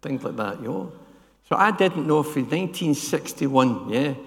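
A man's voice: a little high, lively intonation, normal speed, gravelly, big-room sound. An older man preaching a sermon in a church, often asking the congregation questions and tagging lines with "yeah?". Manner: asks the congregation questions, adds "yeah?" tags.

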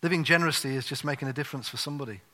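A man's voice: mid-range voice, very fast, sharp tone. A man preaching a sermon in a conversational, storytelling way, full of "you know" asides, on a wireless mic in a church. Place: church hall. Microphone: wireless handheld or clip mic. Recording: long hall reverb.

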